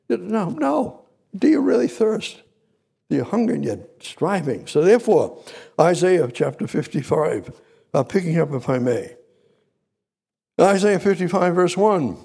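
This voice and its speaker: A man delivers a sermon with a gravelly, husky edge to his voice. His tone is mellow and dark, though he pitches a little higher than most men. He hammers his points home with repetition and sudden emphatic climbs. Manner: repetitive, emphatic preaching with sudden loud high rises. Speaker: preacher.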